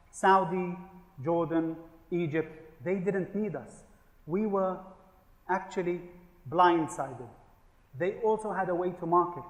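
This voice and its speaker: A man giving a humorous business keynote, telling stories and asking the audience questions. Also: on the high side. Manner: storytelling with jokes and rhetorical questions. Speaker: conference speaker. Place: large conference hall. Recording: echoey hall with long reverb.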